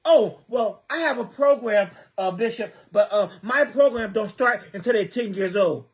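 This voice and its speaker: A man's voice: sits high, lively intonation, moderate pace. A man giving an impassioned livestream monologue, firing rhetorical questions, repeating himself and stammering as he reads viewer comments. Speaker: livestreamer speaking on community youth programs.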